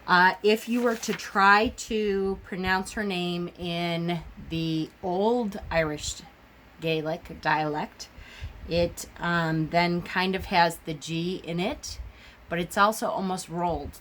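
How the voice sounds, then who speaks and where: A woman with a slightly low voice talks casually to her viewers as the host of a witchcraft channel. She rambles, with frequent ums and restarts. There is a faint hum of room ambience behind her. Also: fairly even intonation, slow pace, fairly bright tone. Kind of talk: casual vlog talk.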